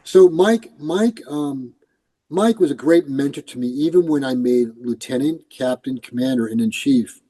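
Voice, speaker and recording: Older man, from New York, retired police commander, storytelling, mellow tone. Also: medium pitch, unhurried, poor audio. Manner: animated, acts out quoted voices. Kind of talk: casual storytelling interview.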